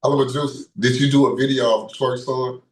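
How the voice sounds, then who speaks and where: A man guest on a podcast, telling stories loudly and boisterously. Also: mid-range voice, level tone, brisk. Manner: loud, boisterous storyteller. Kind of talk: casual podcast storytelling. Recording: roomy sound, far from mic.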